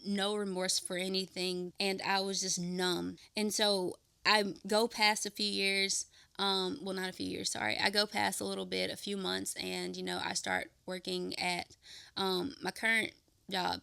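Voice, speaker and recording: A woman's voice: mid-range voice, vocal fry, pushed and bright, smooth, no room sound. A young woman telling her personal testimony as a podcast host, candid and rambling with fillers and restarts.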